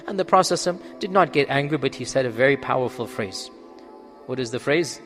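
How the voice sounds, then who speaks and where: A man's voice: mid-range voice, normal speed, a bit bright, in a large hall, soft background music. A man giving an Islamic religious lecture in answer to questions. He speaks emphatically, asks rhetorical questions and answers them himself, and checks in with his listeners. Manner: checks in with the audience with "Okay?". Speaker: Islamic scholar.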